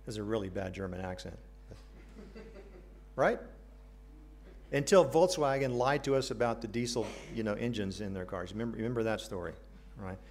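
A man's voice: on the low side, normal speed, pauses often, a little mellow. An American man preaching a sermon to a congregation, earnest, asking questions and adding light jokes. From United States. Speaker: pastor.

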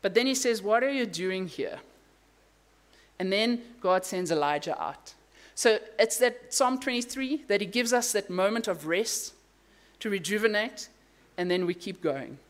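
A pastor preaching a sermon, telling a story with emphatic rises and quiet, hushed drops, and making casual asides. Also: medium pitch, expressive, normal speed. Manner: casual asides and self-corrections.

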